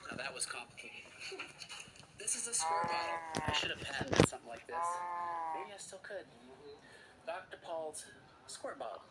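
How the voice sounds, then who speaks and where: A man working as a doctor, calmly explaining a procedure and chatting gently to a child. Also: on the high side, normal speed, pauses often, far from the mic, very noisy. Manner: calm, chatty, soothing to a child. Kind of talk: medical video narration.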